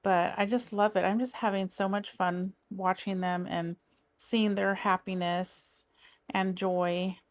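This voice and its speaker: Working slowly through her diamond painting, this middle-aged crafting vlogger rambles chattily, often trailing off and restarting. She speaks in a mid-range voice with fairly even intonation.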